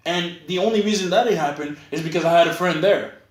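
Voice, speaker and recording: A man with a slightly high voice tells a story with plenty of swearing and animated quoted lines. The podcast sounds casual and unscripted. The room gives his voice a noticeable echo. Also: fast talker. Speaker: podcast co-host. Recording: echoey room.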